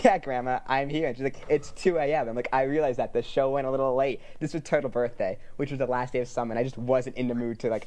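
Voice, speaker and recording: Young man telling a family story. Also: medium pitch. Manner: animated, quotes people in dialogue. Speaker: podcast co-host. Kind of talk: casual storytelling chat.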